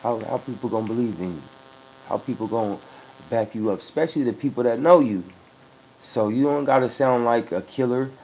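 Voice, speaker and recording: A Bay Area rapper with a mid-range, slightly mellow voice talks a little fast in a casual interview, speaking loosely and profanely and restarting often. The recording is muffled and lo-fi, with a faint hum.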